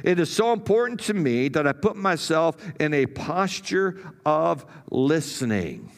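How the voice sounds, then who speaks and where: A man preaches from the pulpit in a voice a little higher than usual for a man. He climbs sharply when he voices a prayer or a call, then lets his phrases fall away quietly. The delivery is a steady, earnest sermon. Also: a little slow. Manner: preaching with dramatic rises for quoted prayers and trailing drops at phrase ends. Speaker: pastor.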